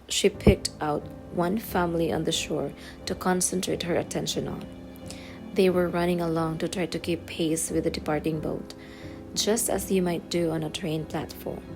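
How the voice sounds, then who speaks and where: A woman reading a children's novel aloud with gentle, expressive narration. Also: fairly low pitch, gravelly. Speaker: storyteller. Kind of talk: children's book read-aloud.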